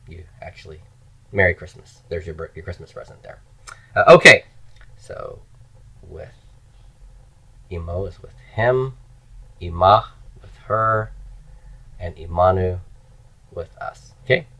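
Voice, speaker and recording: A man's voice: fairly low pitch, a bit bright, low-quality recording. A man teaching Hebrew grammar in a recorded lecture, explaining step by step and chanting word forms for students to repeat.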